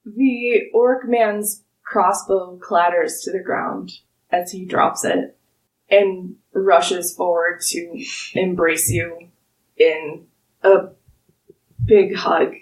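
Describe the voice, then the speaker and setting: A woman game master narrates at an unhurried pace in a calm, descriptive way. Her voice sits a little back from the microphone. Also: fairly low pitch, distant mic, rough recording.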